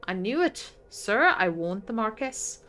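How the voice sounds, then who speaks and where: A woman voicing a pious, sharp-tongued older housekeeper who speaks in a prim, indignant way. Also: medium pitch, big pitch swings, a little slow, a little hiss or hum.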